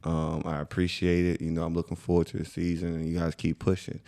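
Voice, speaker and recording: A young man from the US with a very deep voice and a gravelly edge, chatting on a podcast. He talks in a laid-back, slangy, conversational way. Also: completely flat delivery, quick pace, warm tone. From USA. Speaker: podcast co-host. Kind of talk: casual storytelling chat.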